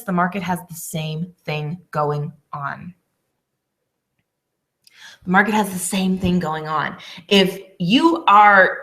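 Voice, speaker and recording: A woman in her twenties, a business coach teaching a casual lesson, chatty and quick to laugh. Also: mid-range voice, a bit bright. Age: 20s. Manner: chatty, laughs often, apologizes.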